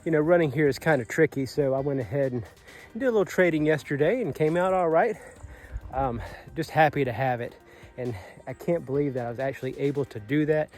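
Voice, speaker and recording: A man in his late forties, a vlogger, speaks outdoors on a Caribbean island in a brisk, high-leaning, slightly mellow voice. His talk is earnest and motivational, with casual swearing.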